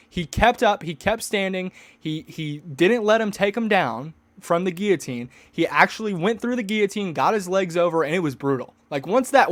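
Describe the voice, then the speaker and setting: A young man in his twenties rambles through a fight recap in a high, light voice, stumbling and restarting mid-sentence and now and then bursting into mocking outbursts. The sound is dry and close, with no room around it. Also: no echo. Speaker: streamer recapping a fight event. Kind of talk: casual rambling commentary.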